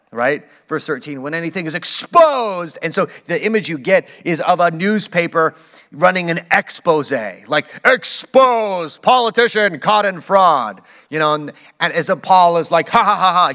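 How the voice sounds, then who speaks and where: A man's voice: a little high, fairly bright tone. A man preaching a sermon in a casual, conversational way, with playful acted asides. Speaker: pastor.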